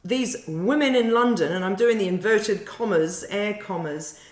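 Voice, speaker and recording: A woman co-hosting a podcast, chatting casually about films in an animated way and laughing through her points. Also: mid-range voice, normal speed. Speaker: podcast co-host. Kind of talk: casual film discussion. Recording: roomy echo.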